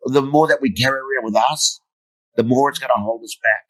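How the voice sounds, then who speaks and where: A man's voice: medium pitch, fairly quick, a bit bright, rough recording. Blunt, swearing man telling stories. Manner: blunt, swearing, humorous storyteller. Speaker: guest, motivational speaker. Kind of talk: storytelling interview.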